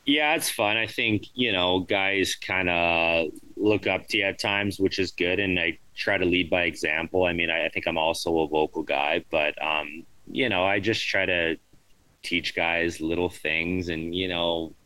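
A man in his thirties, a veteran hockey player, answering interview questions in a relaxed, rambling way, often tagging on "right?". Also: low voice, measured pace, no room sound, poor audio. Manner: laid-back, rambling, frequent "right?" and "you know". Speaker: professional hockey player, guest.

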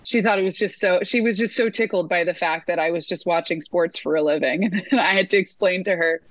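Woman, sports announcer, casual interview, rambling lively storytelling, dry sound, slightly dull audio. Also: lowish voice, a little fast, no echo. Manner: lively storyteller with many fillers and restarts.

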